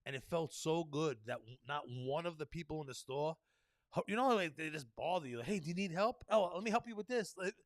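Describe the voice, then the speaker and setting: A young man rants alone on his podcast, swearing freely and circling back to "you know what I mean". His voice sits high for a man. The sound is close and dry. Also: a bit bright, dry recording. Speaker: podcast host. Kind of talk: solo podcast rant.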